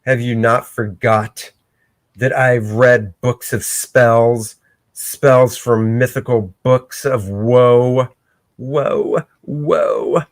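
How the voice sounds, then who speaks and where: A man's voice: medium pitch, fairly even intonation, extremely slow. A man voicing a smug, theatrical male villain wizard who draws out his mock-menacing taunts. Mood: gloating.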